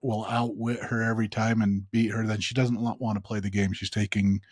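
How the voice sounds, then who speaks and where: A man's voice: on the low side, flat delivery, a little fast, slightly rough, no room sound, studio quality. A man co-hosting a podcast, adding wry remarks in a casual recap chat. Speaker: podcast co-host.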